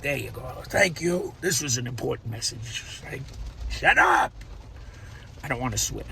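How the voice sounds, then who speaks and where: A man's voice: mid-range voice, animated, normal speed, creaky, pushed and bright, slight background noise. Rambling, swearing older man in a car. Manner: rambling, swearing, laughing to himself. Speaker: vlogger. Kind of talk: rambling casual monologue.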